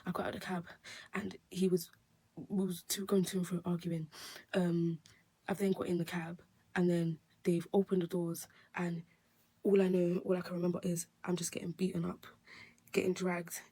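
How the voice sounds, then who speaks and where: A woman's voice: lowish voice, little pitch movement, moderate pace, dark tone, slightly rough. A woman who works as a nail technician, telling a story on her vlog in a rambling, emotional way with many restarts. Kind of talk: storytime vlog recounting an incident.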